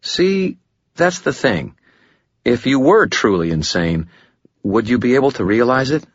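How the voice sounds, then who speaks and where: A man's voice: medium pitch, big pitch swings, measured pace, no echo, voice pushed up. Fields: Figure: a man voicing an earnest, anxious young friend. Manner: careful, hesitant. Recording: dull. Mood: probing.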